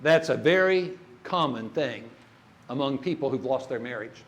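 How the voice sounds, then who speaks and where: A man's voice: medium pitch, lively intonation, normal speed. An older man preaching a sermon in a church, telling stories and putting questions to the congregation. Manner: storytelling, asks the congregation questions.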